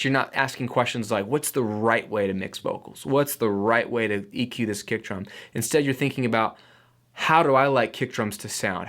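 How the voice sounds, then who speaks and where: A man hosting an audio mixing lesson, talking in an enthusiastic, conversational way with playful asides. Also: medium pitch. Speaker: audio engineering educator. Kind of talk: casual talking-head lesson.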